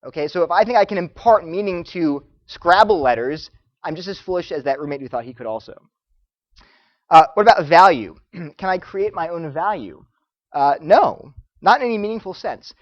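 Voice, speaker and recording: A man lectures students, his pitch leaping up and down as he builds his stories. He slips into the voices of the people he quotes. The sound is dry and close, a little dull and muffled. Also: normal speed, no room sound. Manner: animated storytelling, acts out quoted voices. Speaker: Christian apologetics speaker.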